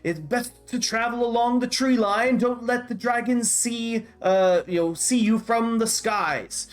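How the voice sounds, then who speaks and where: A man's voice: a little slow, soft background music. A man voicing a male town crier who proclaims news to a crowd in a tabletop game. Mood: proclaiming. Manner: high, loud proclaiming calls.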